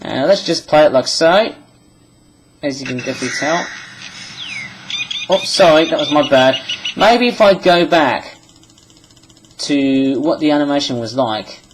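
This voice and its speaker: Man vlogger, rambling walkthrough, voice sits a bit high. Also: lively intonation, unhurried, pauses often, slight background noise, poor audio. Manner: rambling, with many restarts and apologies. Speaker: animation vlogger. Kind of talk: screen-recorded tutorial chat.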